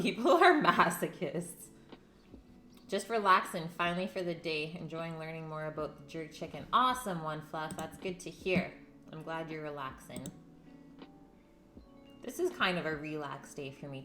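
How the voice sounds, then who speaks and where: A woman's voice: low voice, a bit bright. A young woman hosting a casual live-stream cooking show from her home kitchen, chatting with viewers and reading their names out. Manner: chatty, reads chat names aloud, talks while eating. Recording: echoey kitchen, faint music.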